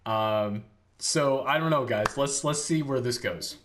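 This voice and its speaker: A man's voice: medium pitch, a little slow, fairly bright tone, faint music behind. A young man narrating a history mystery video, reading his script and breaking off into giggly, rambling asides full of fillers.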